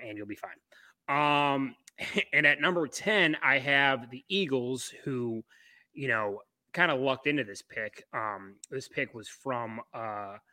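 A man's voice: mid-range voice, pushed and bright, no echo. A man co-hosting a podcast, talking loosely through a football draft with lots of fillers and restarts. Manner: loose, rambling, many fillers. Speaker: podcast co-host. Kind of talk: casual sports podcast chat.

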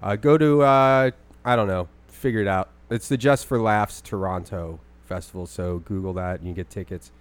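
A young man co-hosting a podcast, chatting casually in a rambling, animated way. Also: normal speed, few pauses, no echo. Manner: rambling, animated, mimics his grandma in a high voice. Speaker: podcast co-host and stand-up comic.

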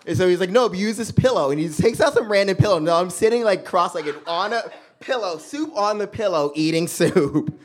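A young man telling a stand-up story on a club stage, swinging between loud punchlines and muttered asides. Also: high-pitched, lively intonation, brisk, hardly any pauses. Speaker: stand-up comedian.

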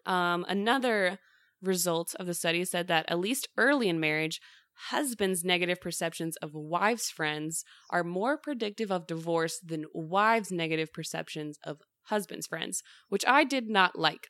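A woman's voice: fairly low pitch, normal speed, fairly bright tone, dry recording, clean studio sound. A woman hosting a casual chat about a study, talking in a chatty way with many fillers.

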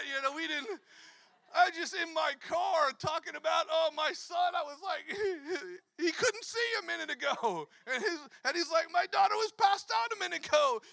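A pastor in his thirties telling a story in a sermon, animated, acting out quotes and laughing often. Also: very high voice, creaky, no room sound.

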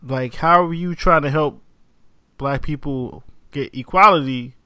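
A man's voice: fairly high pitch, measured pace, pushed and bright, no echo, studio quality. A man who makes a webcomic, a guest on a podcast, talking loosely and animatedly with a lot of "like". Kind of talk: casual podcast conversation.

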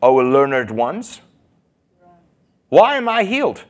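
A preacher playing a bold, sarcastic healed beggar. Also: male voice, mid-range voice, sing-song, takes it slowly. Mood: defiant. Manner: defiant and sarcastic.

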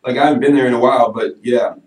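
A man's voice: mid-range voice, steady tone, racing, a little mellow. A male podcast guest talks openly and jokes about himself, in a middle-range voice. The room is roomy and echoing. The mic sits some distance away. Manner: candid, joking, self-mocking. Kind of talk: casual podcast chat.

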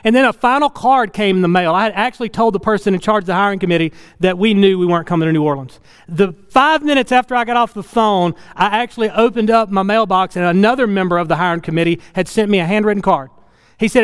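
A middle-aged man with a high, smooth, resonant voice preaches a sermon. He tells his story earnestly, rising loud and then dropping to a hushed, tearful tone. His voice rings with the long reverb of a church hall. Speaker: pastor.

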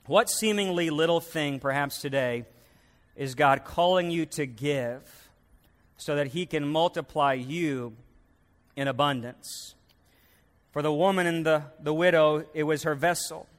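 A man's voice: on the high side, unhurried. Preacher man in a reverberant hall. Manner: storytelling preacher, acting out quoted voices. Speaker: pastor. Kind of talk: sermon.

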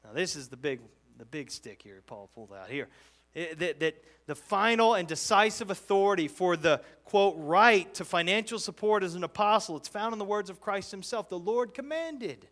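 Bright-voiced, high-pitched male preacher. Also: normal speed. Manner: conversational preaching, emphatic and animated, with frequent restarts. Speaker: pastor. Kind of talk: expository sermon.

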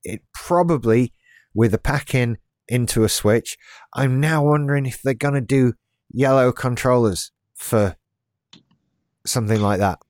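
A man's voice: mid-range voice, unhurried, darkish tone, no echo, studio quality. A man in his late thirties co-hosting a podcast, chatting casually in a laid-back, rambling way with restarts and wry asides. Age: late 30s. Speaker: podcast co-host. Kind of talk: casual chat.

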